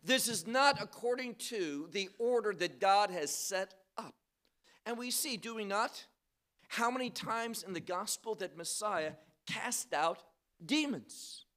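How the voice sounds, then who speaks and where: A man teaching the Bible at a conference. He speaks emphatically, asks rhetorical questions and swings between soft and loud phrases. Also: high voice, lively intonation, a little slow.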